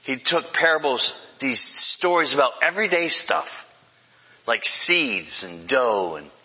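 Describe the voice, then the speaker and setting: Older male pastor, husky, echoing hall. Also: medium pitch, lively intonation, unhurried, highs cut off. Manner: emphatic, with repeated refrains and self-corrections. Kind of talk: sermon.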